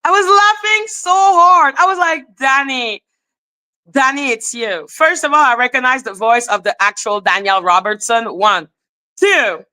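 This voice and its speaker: A woman hosting a livestream, telling a story in a casual, animated, profane way, often laughing and breaking into shouts. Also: fairly high pitch, moderate pace. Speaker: host.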